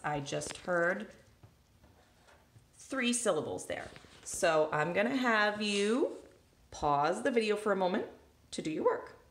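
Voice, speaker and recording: A woman's voice: medium pitch, very animated, takes it slowly, long pauses. A woman teacher talking students through a worksheet, thinking aloud step by step and tapping out syllables on the table as she records with one hand. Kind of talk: recorded classroom lesson walkthrough. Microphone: handheld recording device. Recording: echoey room.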